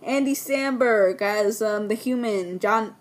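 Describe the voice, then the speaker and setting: A woman's voice: medium pitch, slow pace. A woman giving a casual spoken film review, enthusiastic and rambling with frequent restarts, her voice worn as if she is losing it.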